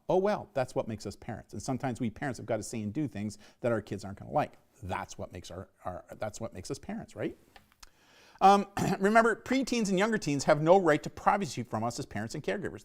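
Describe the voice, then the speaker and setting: Emphatic man with a lively voice. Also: mid-range voice. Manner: emphatic, repeats "right?" as a tag. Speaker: presenter on online safety for parents. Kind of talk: live online presentation.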